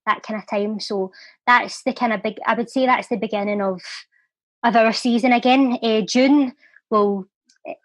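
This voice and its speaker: A woman's voice: on the high side, fairly even intonation, normal speed, no room sound. A young woman with a Glaswegian accent, chatting casually and reciting her poetry with a rhythmic lilt. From Scotland. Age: young adult. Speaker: poet and charity volunteer. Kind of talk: casual chat and poetry reading.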